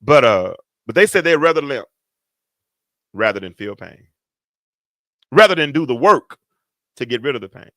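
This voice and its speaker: Animated, bright-voiced man preaching. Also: medium pitch, moderate pace, pauses often, no room sound, clean studio sound. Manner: emphatic, repetitive preaching cadence. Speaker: preacher and show host. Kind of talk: livestreamed sermon.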